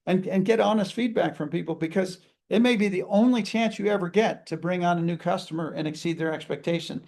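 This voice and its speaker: A man's voice: sits high, brisk, few pauses, darkish tone. A man leading a customer service training seminar, speaking energetically and acting out sample greetings.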